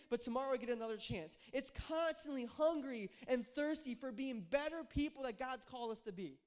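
A young adult male pastor with a very high-pitched voice preaches a conversational sermon, cracking jokes and telling animated stories.

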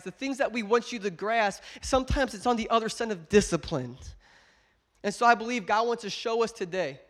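A young pastor preaching a sermon to his congregation, a little stuffed up from a cold, building to emphatic, loud exhortation between warmer, quieter asides. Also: high-pitched. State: congested from a cold. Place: church service with a congregation.

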